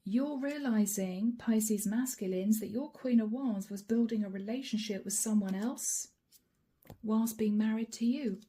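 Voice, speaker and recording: A woman giving a channeled tarot reading in a hoarse, raspy voice that is fading, speaking softly with whispered asides. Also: fairly high pitch, a little slow. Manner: soft-spoken with whispered asides. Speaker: tarot card reader.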